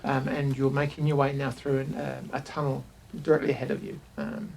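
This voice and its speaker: GM, New Zealand accent, gravelly, halting, light noise floor. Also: medium pitch, little pitch movement, darkish tone. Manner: hesitant, many ums and restarts. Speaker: game master. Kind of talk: narrating a tabletop game.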